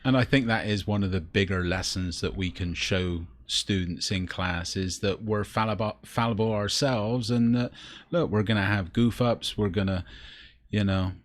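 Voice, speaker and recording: Low-voiced English-born male teacher. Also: normal speed. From Bristol, England. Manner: storytelling, reflective, with restarts and fillers. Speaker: teacher, podcast co-host. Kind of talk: casual chat.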